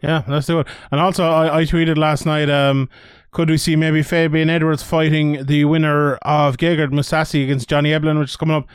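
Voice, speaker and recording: A man's voice: fairly high pitch, flat delivery, brisk, hardly any pauses, clean tone, no room sound, clean studio sound. A man hosting a casual combat-sports podcast, chatty, laughing easily and swearing casually. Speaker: podcast host. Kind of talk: casual chat.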